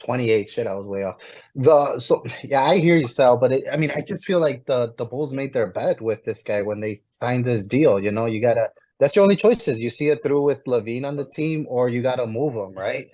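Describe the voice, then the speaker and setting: A man's voice: medium pitch, animated, moderate pace, a little mellow, dry recording. A man with a mid-range voice talks through his view on a casual sports podcast. He reasons in a laid-back way, hedging with "you know." The sound is dry and close. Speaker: podcast co-host.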